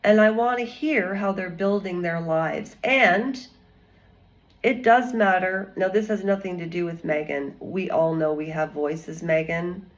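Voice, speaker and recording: Slow, rambling woman vlogger. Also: fairly low pitch, poor audio. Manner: rambling, chatty, digressive. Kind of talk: casual commentary vlog.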